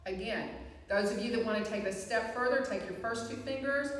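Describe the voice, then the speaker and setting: Woman yoga instructor, encouraging cues, fairly high voice, echoey hall from afar, faint music behind. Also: fairly quick, far from the mic. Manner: calm, encouraging cues with frequent "good" and "deep breath". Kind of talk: live guided fitness class.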